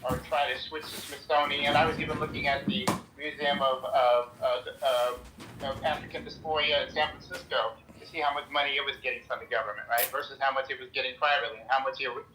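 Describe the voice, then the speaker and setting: A man's voice: medium pitch, flat delivery, fast talker, background noise. An American man speaking earnestly in a casual discussion, with many restarts and "right?" asides. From United States. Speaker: guest speaker in an audio chat room.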